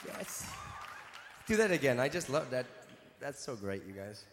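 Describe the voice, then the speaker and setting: A man's voice: medium pitch, big pitch swings, a little slow, crowd noise, noisy background. A man on stage teasing a live audience in a playful, mock-indignant way. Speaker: comedic performer on stage. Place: large venue on stage. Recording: echoey hall, live room ambience.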